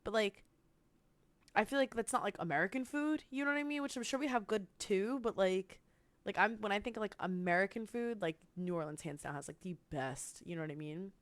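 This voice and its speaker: A woman's voice: mid-range voice, brisk, no room sound. A woman streaming, reacting to a video in rambling casual chat, full of fillers and easy laughter.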